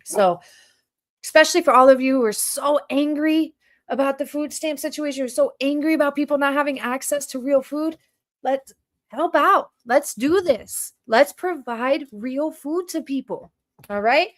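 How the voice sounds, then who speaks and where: A woman's voice: high-pitched, normal speed. A woman hosting a livestream, speaking in a fervent, preachy monologue and firing pointed questions at her viewers. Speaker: livestream host and community food organizer.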